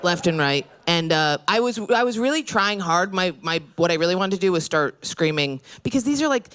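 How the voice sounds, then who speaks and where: A woman's voice: lowish voice, expressive, a little fast, a bit bright, a little hiss or hum. A woman from New York state doing a stand-up comedy set in a brash, crude, self-deprecating way. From New York state, USA. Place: comedy stage.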